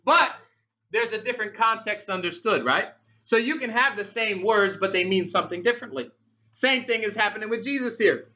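A man's voice: high-pitched, brisk, pushed and bright, muffled recording. A man preaching a sermon in a conversational way, asking many rhetorical questions of his congregation.

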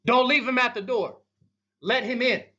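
A male pastor preaching a sermon in an emphatic, repetitive style, swinging between loud and soft. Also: very high voice, steady tone, moderate pace, muffled recording.

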